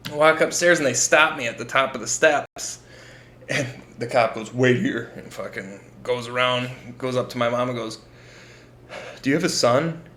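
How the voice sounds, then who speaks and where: Bright-voiced young man telling stories. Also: mid-range voice, normal speed, echoey room, slight background noise. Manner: profane, animated storytelling with acted-out quotes. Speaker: podcast co-host. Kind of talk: casual storytelling chat.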